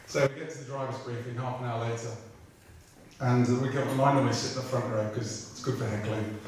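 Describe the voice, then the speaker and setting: A middle-aged British man spins comic anecdotes in a chatty, irreverent way, swearing freely. His voice sits at a mid pitch and sounds far from the microphone. A strong roomy echo from a large hall surrounds every word. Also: steady tone, fast, a little mellow, slight background noise. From Britain. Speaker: racing driver guest. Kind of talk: comic anecdote telling at a live evening. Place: large room at a live talk event.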